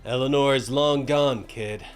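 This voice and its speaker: A man voicing a weary, blunt male crook who speaks quietly. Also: medium pitch, a little slow, faint music behind, lightly acted. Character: gruff male crook, weary and matter-of-fact.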